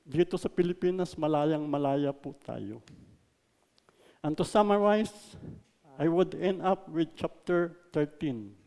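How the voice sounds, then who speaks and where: A man with a Filipino accent preaching a sermon, mixing English and Tagalog, stressing words loudly and then letting lines trail off softly. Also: a little high, unhurried, creaky, in a large hall. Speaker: pastor. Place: church hall.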